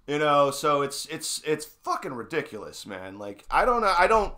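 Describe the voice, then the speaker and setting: Bright-voiced ranting man, profane. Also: a little high, sing-song, normal speed. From New England. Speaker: stream co-host. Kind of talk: casual political chat.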